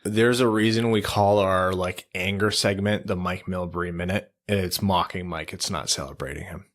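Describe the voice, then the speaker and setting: A man's voice: low-pitched, steady tone, normal speed. A man co-hosting a casual podcast, joking and reading out listener messages. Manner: laughing, reads listener messages. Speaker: podcast co-host.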